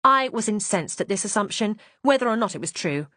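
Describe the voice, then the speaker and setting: Woman audiobook narrator, composed and expressive, lively pitch, dry close sound. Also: brisk, dry recording. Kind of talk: scripted first-person narration.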